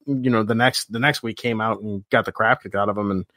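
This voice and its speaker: A man's voice: lowish voice, steady tone, fairly quick, pushed and bright, no room sound. A man co-hosting a casual sports podcast, telling rambling stories, swearing, and acting out the voices of people he met. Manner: rambling storyteller, acts out quoted voices, swears. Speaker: podcast co-host.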